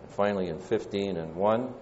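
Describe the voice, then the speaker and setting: Low-voiced Southern preacher in reverberant hall. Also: male voice, darkish tone, a little hiss or hum. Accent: Southern American. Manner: measured, pausing delivery with frequent "uh" fillers. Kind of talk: sermon. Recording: dull lo-fi church recording with long reverb.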